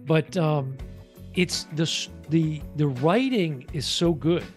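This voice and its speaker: A man's voice: a little high, slow pace, soft background music. A man co-hosting a casual review chat, speaking loosely with lots of "you know" fillers. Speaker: podcast co-host reviewing a TV series.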